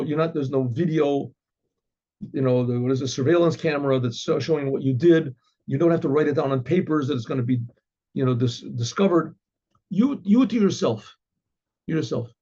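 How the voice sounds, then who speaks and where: A rabbi leads an informal, chatty Torah class, voicing both sides of an inner dialogue and reading Hebrew lines before translating them. His voice is a little high, a little mellow, and slightly rough. He repeats and restarts phrases, and the recording is dull and lo-fi.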